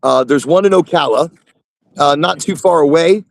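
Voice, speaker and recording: A high-pitched man with a gravelly edge hosts a casual live chat, talking from his phone while sitting in his truck. He rambles and repeats himself. The sound is dry and close. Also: normal speed, no room sound. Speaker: host.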